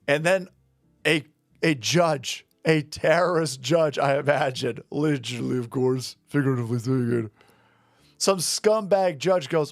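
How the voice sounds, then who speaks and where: A man's voice: fairly high pitch, no room sound, clean studio sound. Indignant ranting male commentator. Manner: sarcastic, indignant, swearing. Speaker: political commentator.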